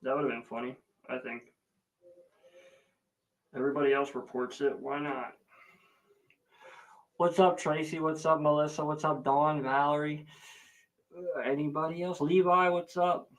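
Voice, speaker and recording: A man's voice: on the high side, flat delivery, measured pace, long pauses, poor audio. Chatty man rambling through a livestream. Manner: rambling, chatty storytelling with many fillers; greets viewers by name between stories. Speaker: livestream host. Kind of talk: casual live chat.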